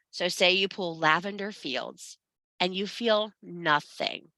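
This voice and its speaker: A woman's voice: lowish voice, moderate pace, pushed and bright, no room sound. A woman teaching a spiritual class, blunt and profane, scolding and urging her students. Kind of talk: blunt motivational class talk.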